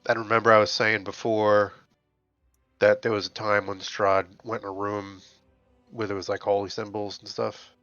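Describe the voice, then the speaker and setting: A man's voice: lowish voice, little pitch movement, normal speed, a bit bright, no room sound, soft background music. A man chatting casually as a player in a tabletop game, musing aloud, recorded on a dull, dry lo-fi mic. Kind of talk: casual chat.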